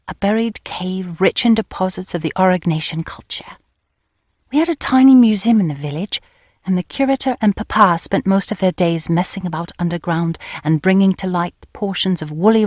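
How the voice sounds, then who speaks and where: Dry, crisp woman narrating an audiobook. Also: mid-range voice, darkish tone, dry recording. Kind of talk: first-person audiobook narration.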